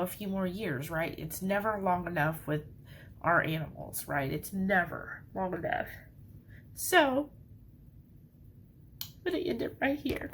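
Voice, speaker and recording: Vlogger, woman, chatty and informal, mid pitch. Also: fairly bright tone, a little hiss or hum. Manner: chatty, lots of fillers, says y'all. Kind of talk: casual vlog chat.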